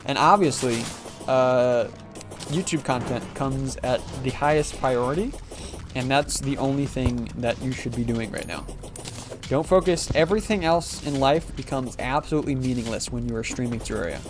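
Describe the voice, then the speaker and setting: A man's voice: medium pitch, moderate pace, music in the background. A man casually commentating a game livestream, joking and sarcastic, rambling with lots of fillers, sleepy and yawning. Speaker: gaming livestreamer.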